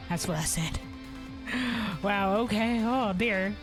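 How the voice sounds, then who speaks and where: A woman streamer chatting casually while playing a game, laughing often and jumping up in pitch when excited. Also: slow, pauses often, over music.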